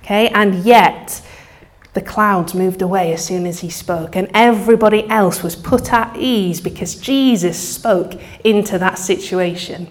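A woman's voice: mid-range voice, unhurried. A woman leading an interactive children's talk at church, coaxing the audience to join in, speaking into a microphone to a live crowd. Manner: lively, coaxing, audience participation.

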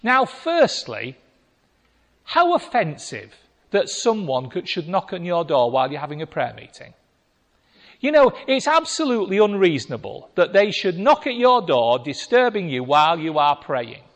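A man preaching a sermon, telling a Bible story with lively acted-out voices. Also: high-pitched. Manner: animated storytelling, acting out voices. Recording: long reverb of a hall.

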